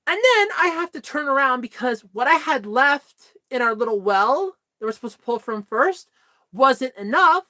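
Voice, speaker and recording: A young woman vlogging, telling a story in casual chat in an animated, exasperated way. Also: high-pitched, moderate pace, dry recording.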